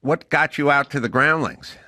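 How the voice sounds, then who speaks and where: A middle-aged man hosting a podcast, telling stories in casual chat and acting out quotes loudly. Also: medium pitch, normal speed, no echo. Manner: animated storyteller, acts out quotes loudly. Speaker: podcast host.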